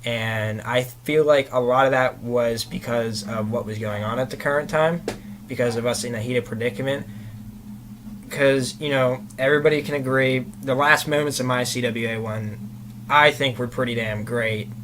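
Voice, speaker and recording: A man's voice: mid-range voice, fairly even intonation, normal speed, a bit bright, slight background noise. A young man, a guest in a casual chat, telling a long story with lots of "you know" fillers.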